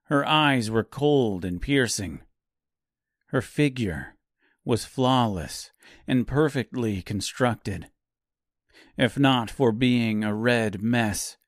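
Slow, measured male audiobook narrator. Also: mid-range voice, dry recording, studio quality. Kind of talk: dark fantasy audiobook narration.

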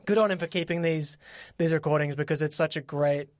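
A podcast co-host, chatting casually and telling stories in an animated way, with plenty of fillers. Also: mid-range voice, fairly quick, no echo, clean studio sound. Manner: animated storyteller, lots of fillers and quoted voices. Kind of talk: casual chat.

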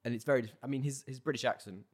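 A man's voice: mid-range voice, racing. A man co-hosting a podcast in casual chat, wry and teasing as he moves the talk from topic to topic. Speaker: podcast co-host.

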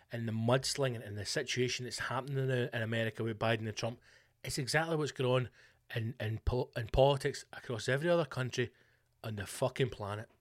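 Scottish comedian host, mid-pitched, loud, profane, restless delivery. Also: male voice. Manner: sweary, animated, ranting. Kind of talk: comedic rant.

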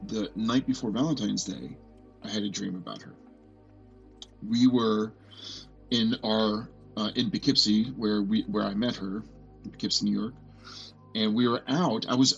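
A man in his forties telling a personal story as a podcast guest, earnest and halting, often restarting and filling with "like". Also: fairly low pitch, vocal fry, a bit bright, breathy edge, muffled recording. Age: 40s.

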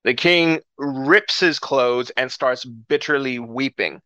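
A man preaching a lively sermon, telling a Bible story with excitement and acting out the characters. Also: mid-range voice, slow, no echo.

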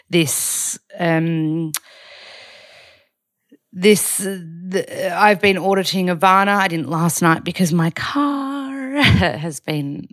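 A woman's voice: deep voice, no room sound, clean studio sound. A young Australian woman in casual vlog chat, chatty and rambling with lots of fillers. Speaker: vlogger.

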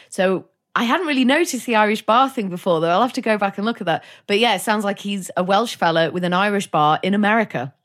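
A woman co-hosting a casual film discussion podcast, giving upbeat, enthusiastic opinions. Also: medium pitch. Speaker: podcast co-host.

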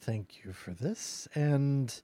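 A man voicing a weary but polite phoenix in a tabletop game, speaking gently and slowly. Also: medium pitch, expressive. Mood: relieved. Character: weary, polite phoenix, calmed after agitation.

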